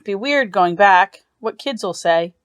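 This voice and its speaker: A woman's voice: medium pitch, expressive, slow, clear, resonant tone, dry recording. A woman reading the lines of an uneasy, reluctant teenage boy in a read-aloud story.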